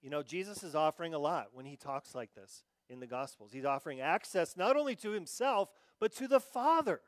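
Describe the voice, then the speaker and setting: A man preaching a sermon in a conversational way, swinging between emphatic bursts and quiet, slowed-down stretches, sometimes playing a puzzled listener. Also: on the high side, big pitch swings, dry recording, studio quality. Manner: acts out quoted listeners in mock confusion. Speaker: pastor.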